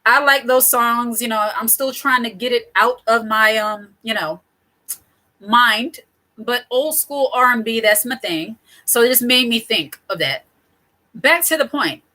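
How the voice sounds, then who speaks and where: Middle-aged woman host, chatty and digressive, bright higher voice, casual advice to camera. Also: a little slow, poor audio. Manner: chatty, digressive, laughs often. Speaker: channel host.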